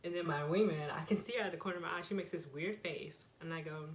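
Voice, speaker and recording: Chatty young woman, slightly low voice. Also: quick pace. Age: young adult. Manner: chatty, laughs often while telling. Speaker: vlogger. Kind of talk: casual storytime.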